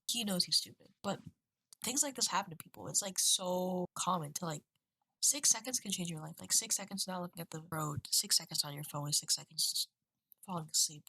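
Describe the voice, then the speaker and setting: A woman's voice: fairly low pitch, pushed and bright, breathy edge, dry recording, low-quality recording. A woman in her twenties talking candidly into a webcam at home, rambling and emotional in a confessional vlog. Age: 20s. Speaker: vlogger.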